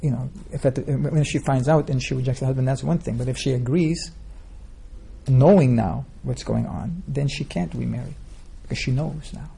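A man's voice: mid-range voice, normal speed, creaky, mellow, breathy edge. A man answering questions at a religious gathering, telling scripture stories in a rambling way, with many restarts. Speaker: spiritual teacher answering questions. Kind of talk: informal religious Q&A talk.

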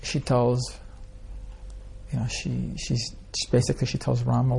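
A man's voice: medium pitch, monotone, measured pace, gravelly, darkish tone, husky. A man teaching an informal scripture class, telling stories in a rambling way and asking the listeners rhetorical questions. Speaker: spiritual teacher.

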